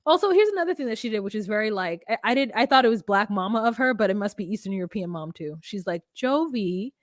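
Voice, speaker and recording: A woman co-hosting a casual reality TV recap chat, animated and laughing as she acts out the cast's lines. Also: medium pitch, fast talker, dry recording, studio quality. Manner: animated, laughing, acting out cast members' lines. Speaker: podcast co-host.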